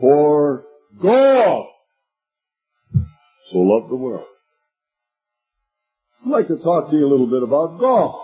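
A man in his sixties preaching a sermon, swinging from hushed, drawn-out words to shouting. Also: high voice, slightly rough, dull audio. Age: 60s.

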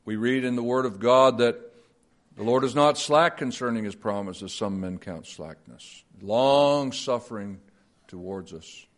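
A man preaching a sermon and praying, rising to emphatic peaks and dropping low and slow, chuckling at his own playful phrasing. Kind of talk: sermon with closing prayer.

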